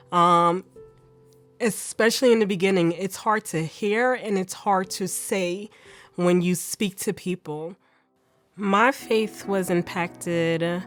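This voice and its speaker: Low-voiced woman sharing a personal testimony. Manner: conversational, with many fillers and restarts. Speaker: cancer survivor giving a testimony.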